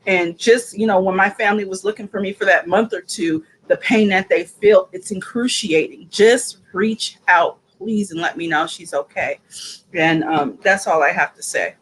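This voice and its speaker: A woman's voice: mid-range voice, moderate pace, fairly bright tone, slight background noise, low-quality recording. A woman speaking as a friend of a missing woman, giving an earnest, pleading appeal over a video call. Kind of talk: emotional personal appeal.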